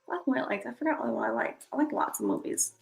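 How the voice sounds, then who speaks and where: A woman's voice: a little high, quick pace, gravelly, low-quality recording. A woman in her thirties chatting casually with her stream viewers, rambling and self-deprecating. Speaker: live streamer.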